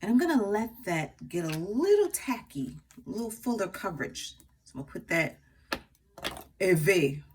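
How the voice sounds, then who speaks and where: A woman's voice: mid-range voice, sing-song, moderate pace, darkish tone, a little hiss or hum. A woman chatting casually as she walks through her own makeup routine, laughing now and then. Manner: chatty, laughs often, talks while applying makeup. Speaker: makeup artist vlogger. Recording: voice from a distance from the mic.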